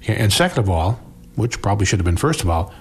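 Low-ish, husky, and very animated, this middle-aged financial advisor talks fast as he fields interview questions conversationally. He restarts words now and then and often ends his points with "okay?".

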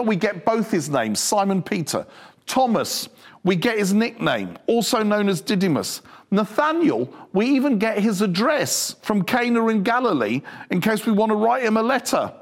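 Male preacher, lively and animated, higher voice, humorous sermon delivery. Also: normal speed.

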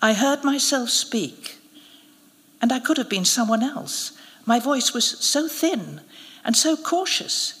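A woman narrating a literary short story in the first person, in a quiet, measured way, at a live reading. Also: a little high, animated. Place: live event venue. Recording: long reverb of a live event hall.

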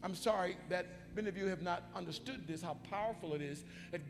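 A man, a bishop, preaching a sermon in church with animated, folksy storytelling that swings up into shouting. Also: high-pitched, fast, few pauses, long reverb tail, soft background music. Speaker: bishop and pastor. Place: church sanctuary.

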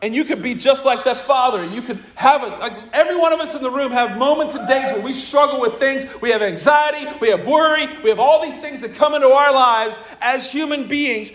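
A man's voice: very high voice, a little fast, hardly any pauses, roomy sound. A man preaching a sermon with passion, asking the congregation direct questions and crying out when he quotes the anguished father. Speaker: pastor.

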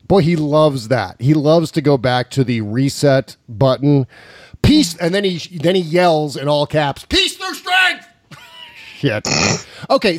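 A man's voice: medium pitch, a little mellow, no echo, studio quality. A man hosting a political talk podcast, chatting casually and sarcastically, laughing often as he reads out tweets in a mocking tone. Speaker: podcast host.

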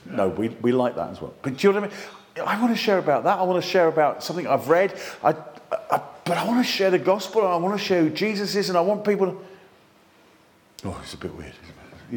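A man preaching a sermon in an excitable, animated way, with self-deprecating humour. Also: on the high side.

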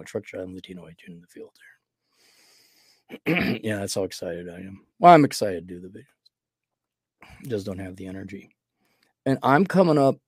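In a dry, clean studio recording, a podcast host with a mid-range, darkish voice delivers a casual monologue. He's sick with a cold and rambles along in a self-deprecating way.

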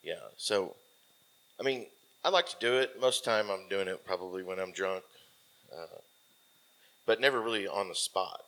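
A man in his forties with a somewhat low voice tells a story from his military days in a loose, conversational way. He leans on fillers and restarts, and his sentences often trail off softly. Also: normal speed, long pauses. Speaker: military veteran guest. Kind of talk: casual storytelling.

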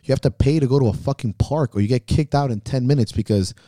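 Podcast co-host, male, profane and blunt, warm low-key tone. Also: quick pace, dry recording, clean studio sound. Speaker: podcast co-host, meet promoter. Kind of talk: casual chat.

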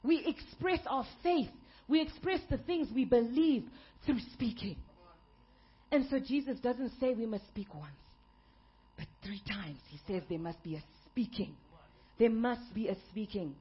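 A woman pastor delivering an emphatic sermon, building up to shouted peaks. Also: on the high side, measured pace, muffled recording.

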